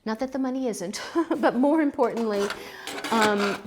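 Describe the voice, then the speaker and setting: A woman's voice: fairly high pitch, measured pace, darkish tone, a little hiss or hum. Chatty, gushing middle-aged woman. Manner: chatty and gushing, with gasps and little exclamations. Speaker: pottery channel host. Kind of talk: casual kiln-opening vlog chat.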